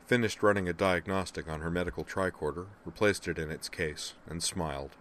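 A man narrating a novel as an audiobook, in a steady storytelling delivery. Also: sits low, a little fast, hardly any pauses, slight background noise. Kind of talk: scripted narration.

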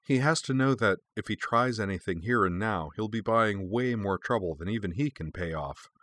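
A man's voice: on the low side, moderate pace, fairly bright tone, natural voice. A man voicing a shrewd, level-headed woman friend who talks in a matter-of-fact way. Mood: reasoning.

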